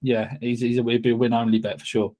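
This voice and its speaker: A man's voice: mid-range voice, little pitch movement, quick pace, a little mellow. A man giving horse racing tips in casual podcast chat, hesitant with frequent restarts. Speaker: racing tipster.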